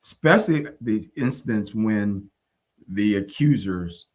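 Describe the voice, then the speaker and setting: A man's voice: lowish voice, animated, takes it slowly. A man who preaches, co-hosting a casual faith talk show in an easygoing, agreeable way. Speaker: co-host, preacher. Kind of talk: casual chat.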